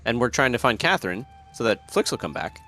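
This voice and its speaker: Male player, fast, earnest and scatterbrained, animated pitch, faint music. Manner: earnest, eager, a bit scatterbrained. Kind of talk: casual chat at a gaming table.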